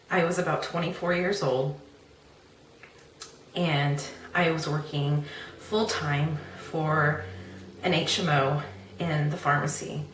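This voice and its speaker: A woman host sharing a personal faith testimony in an earnest, heartfelt way, pausing and restarting as she tells it. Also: deep voice, fairly bright tone, slight background noise. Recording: echoey, a little distant, music behind.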